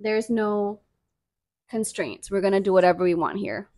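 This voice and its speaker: A young woman co-hosting a podcast in casual chat, chatty and giggly, talking in quick bursts. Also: medium pitch, mellow, dry recording, clean studio sound. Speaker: podcast co-host.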